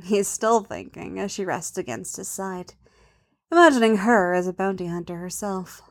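A woman reading an adult story aloud in a soft, intimate way, often dropping to a hush. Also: medium pitch, lively intonation, moderate pace. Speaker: narrator.

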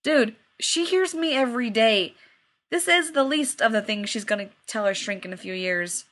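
A brash young man, crude and mocking, his taunts coming out loud and cheeky, as a woman reads him aloud. He swears freely and teases without pause, a storybook figure read by one reader. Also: on the high side, lively intonation.

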